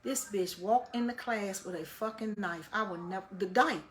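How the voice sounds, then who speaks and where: A woman vlogger telling a story in a blunt, profane, casual way, her loudness swinging up and down with the tale. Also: medium pitch, normal speed, slight background noise.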